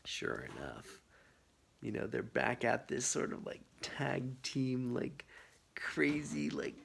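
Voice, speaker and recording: A man telling a funny personal story in a casual, animated way, with lots of filler words. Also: mid-range voice, takes it slowly, vocal fry, slight background noise.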